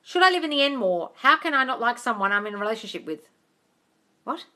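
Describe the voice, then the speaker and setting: A woman's voice: on the high side, fast talker. A woman coach answering live-stream comments, blunt and sweary, calling viewers darling. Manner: bursts into loud excited cheers.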